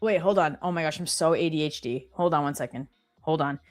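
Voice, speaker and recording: A woman hosting a live stream from an office, chatting casually and reading viewer comments aloud with quick, animated exclamations. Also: sits low, faint music behind.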